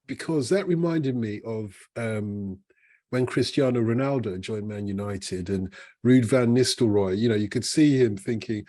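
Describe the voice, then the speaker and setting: A man's voice: lowish voice, a little slow, mellow. A man co-hosting a casual football chat podcast, reflective, working his way around each point. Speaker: podcast co-host.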